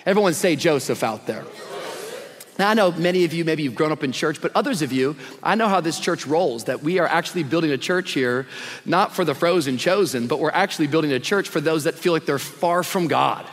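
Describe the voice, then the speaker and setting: A man's voice: fairly high pitch, expressive, brisk. A man in his thirties preaching a live sermon to a church congregation, casual and slangy but full of energy. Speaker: guest pastor. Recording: long reverb of a big hall.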